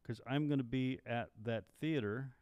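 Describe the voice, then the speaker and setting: Chatty man with a smooth voice. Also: medium pitch, moderate pace, darkish tone, no echo, dull audio. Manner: upbeat, chatty, promotes local events. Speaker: podcast co-host. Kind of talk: casual live podcast chat.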